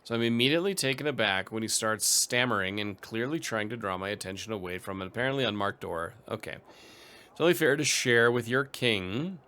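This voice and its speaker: A man's voice: on the low side, lively intonation, a little fast, sharp tone. A man commentating a strategy game, reading event text aloud with dry, wry asides. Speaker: let's play host.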